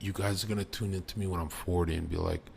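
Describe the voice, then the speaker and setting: A young man with a low, gravelly voice runs a boastful, profane live stream rant. He swings from loud outbursts down to low mutters. A faint hiss sits underneath. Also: steady tone, fast talker. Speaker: livestreamer.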